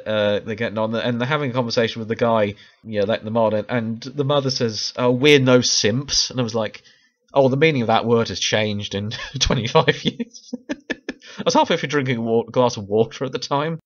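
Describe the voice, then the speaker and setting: A man's voice: mid-range voice, muffled recording. A man chatting casually about a TV miniseries, laughing often and restarting his sentences. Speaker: video essayist. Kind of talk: casual chat review.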